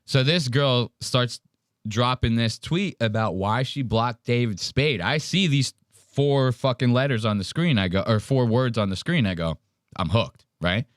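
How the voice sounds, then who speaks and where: A male podcast host riffs on clips with crude, wry commentary. His pitch swings up and down a lot as he talks. The sound is close and dry, with no room echo. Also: expressive, measured pace. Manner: profane, wry, reacting to clips.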